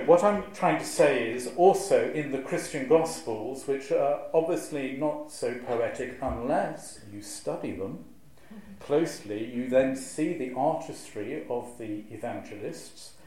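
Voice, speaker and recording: A man, a clergyman, giving a lively, wry lecture to a live audience and reciting verse with a strong rhythm. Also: mid-range voice. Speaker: clergyman giving a talk on preaching. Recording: very echoey hall, faint ambience.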